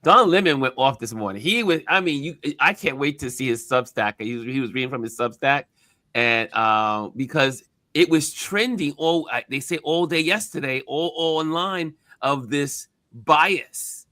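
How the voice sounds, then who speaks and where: A man hosting a casual talk show, animated and emphatic, acting out quotes as he makes his points. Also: mid-range voice, moderate pace, no room sound, studio quality. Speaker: host.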